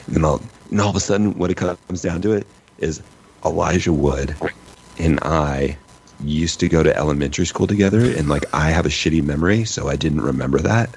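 Very deep-voiced man riffing casually. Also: fairly quick, slight background noise. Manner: rambling, animated storytelling with acted quotes. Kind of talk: casual chat, long comic riff.

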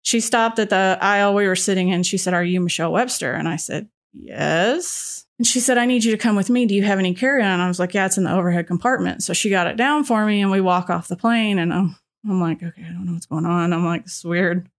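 A woman's voice: medium pitch, quick pace. Middle-aged woman telling a personal story. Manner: recounting events with quoted dialogue and frequent "you know" fillers. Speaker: radio listener guest.

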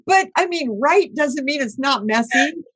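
A woman's voice: high voice, animated, a little slow, no room sound. A woman hosting a faith conversation, affirming her guest and laughing through happy tears. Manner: warm, affirming, tearful laughter. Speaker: podcast host.

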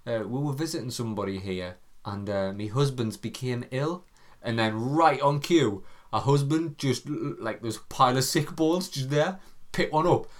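A young man tells a story in casual podcast chat. He is animated and swears freely. He slips into mimicked voices and breaks into laughter often. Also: mid-range voice. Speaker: podcast co-host.

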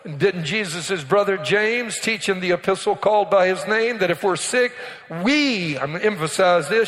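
A male pastor with a notably high-pitched voice delivers a sermon to his congregation, the sound carrying a long reverberant tail from the church hall. He speaks directly to the pews with asides and prompts, and pushes into emphatic, almost shouted peaks. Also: normal speed. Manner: preaching with call-and-response asides to the congregation. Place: church sanctuary.

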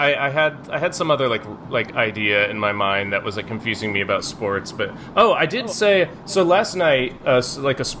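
A man's voice: mid-range voice, bright, forceful tone, slight background noise. A man co-hosting a podcast, chatting casually in a rambling, jokey way and often breaking off mid-thought. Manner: rambling, self-interrupting, jokey. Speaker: podcast co-host. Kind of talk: casual chat.

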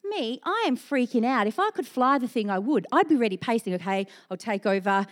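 A woman pastor preaching a sermon in a lively, storytelling way, laced with self-mocking humor. Her voice sits a bit high and swoops widely as she talks. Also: brisk.

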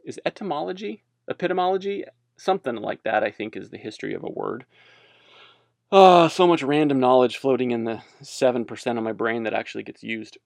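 A man's voice: mid-range voice, brisk, gravelly, no room sound, studio quality. A man giving casual religious commentary as a podcast host, rambling and self-amused, wandering off on tangents.

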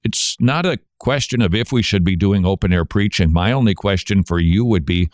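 A man hosting a Christian radio show, introducing a clip with quick asides and laughter. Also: deep voice, dry recording. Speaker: radio host.

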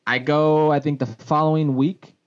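Animated male sports broadcaster, lo-fi audio. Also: normal speed. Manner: animated, swinging pitch, frequent restarts. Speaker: sports broadcaster and former pro soccer player. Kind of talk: casual podcast storytelling. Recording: dull lo-fi podcast audio.

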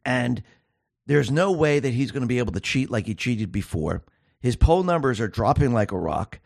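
A man's voice: mid-range voice, no echo, clean studio sound. A man hosting a solo political commentary show, talking emphatically and piling up rhetorical questions.

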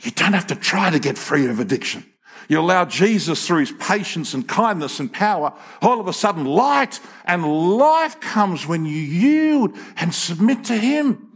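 A man's voice: sits high, very animated, normal speed, a bit bright, slightly rough. A man, preaching a sermon in a folksy, emphatic storytelling way with frequent restarts. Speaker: pastor.

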